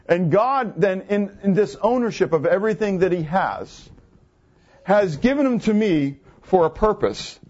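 A man's voice: sits high, a little mellow. Man in his fifties preaching, muffled. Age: 50s. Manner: conversational preaching with rhetorical questions. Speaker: pastor. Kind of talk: sermon. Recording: muffled, lo-fi recording.

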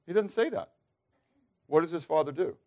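A man's voice: fairly high pitch, expressive, normal speed, mellow. A male pastor preaching a sermon, asking his listeners questions and acting out the prayers he quotes. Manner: asks the congregation questions and acts out quoted prayers.

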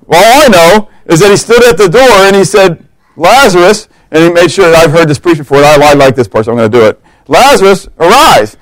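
Animated man preaching a sermon. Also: a little high, dry recording, low-quality recording. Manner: animated storytelling, acting out quotes, humorous asides.

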